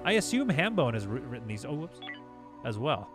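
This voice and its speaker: A man giving chatty, excitable let's-play commentary while playing a space game, laughing often, with game music behind. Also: medium pitch, brisk. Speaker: gaming YouTuber.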